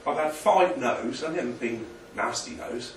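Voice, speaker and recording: A man's voice: mid-range voice, normal speed. A chatty, self-deprecating man giving a motivational talk to a live audience. His voice is heard from some distance off the mic, with the room's echo around it and a faint hum of ambience behind him. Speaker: presenter. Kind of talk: informal business presentation. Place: meeting room with an audience. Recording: echoey room, picked up from a distance.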